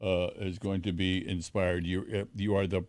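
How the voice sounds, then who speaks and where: A middle-aged man hosting a podcast, talking with effusive warmth and stammering restarts. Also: low-pitched, level tone, moderate pace, no room sound. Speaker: podcast host. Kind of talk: warm casual phone interview.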